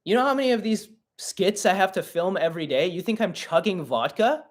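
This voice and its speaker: A man's voice: high-pitched, lively intonation, brisk. A young man with a Russian-Ukrainian family background hosts a casual live-stream Q&A, answering questions in a blunt, profane, mock-indignant way. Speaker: podcast host and comedian.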